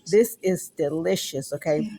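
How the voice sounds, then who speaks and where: A woman talks over her cooking footage, relaxed and chatty, tagging "okay?" onto her sentences. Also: sits low, unhurried. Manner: relaxed, repeats "okay?" often. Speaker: home cook.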